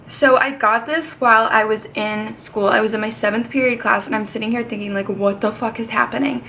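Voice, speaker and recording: A woman's voice: a little high, fairly even intonation, a little fast, pushed and bright, slight background noise. A young woman vlogger telling a dramatic personal story in a chatty, casual way. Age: young adult. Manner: chatty, dramatic, swears and laughs often.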